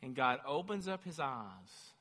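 Fervent preacher in a reverberant hall. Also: male voice, medium pitch, big pitch swings, measured pace, bright, forceful tone, breathy edge. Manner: fervent preaching, rising to emphatic declarations. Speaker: pastor. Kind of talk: sermon.

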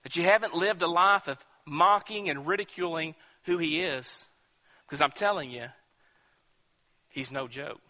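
A man preaching a dramatic sermon, dropping to hushed tones and then rising into loud, emphatic bursts, in a large church. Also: fairly high pitch, measured pace. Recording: long hall reverb.

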